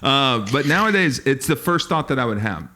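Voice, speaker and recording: A man's voice: medium pitch, big pitch swings, brisk, sharp tone. A young man co-hosting a comedy podcast, rambling through stories and acting out quotes. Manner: rambling storyteller, acts out quotes with big swings. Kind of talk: casual comedic chat.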